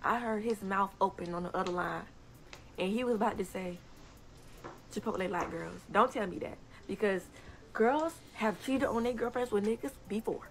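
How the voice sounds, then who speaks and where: Animated young woman telling a story. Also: medium pitch, normal speed. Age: young adult. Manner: animated, indignant, laughs often. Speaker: TikTok storyteller. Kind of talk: casual story time.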